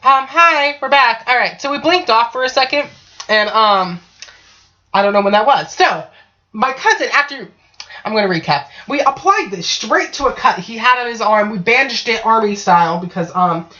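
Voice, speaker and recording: A woman's voice: mid-range voice, fairly bright tone. A woman host telling a story in casual chat, swearing freely and often asking 'right?'. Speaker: podcast host. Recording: dull lo-fi online call audio.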